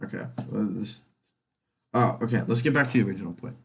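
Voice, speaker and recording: A man's voice: on the low side, quick pace, vocal fry, husky. Rambling, foul-mouthed young man. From California. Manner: rambling, profane, goes off on tangents. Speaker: podcast host. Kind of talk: casual solo podcast monologue.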